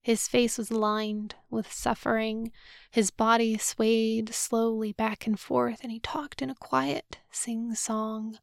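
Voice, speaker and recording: A woman narrating a novel in the first person, with a measured, subdued, solemn reading. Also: on the high side, little pitch movement, creaky, no room sound, studio quality. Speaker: audiobook narrator.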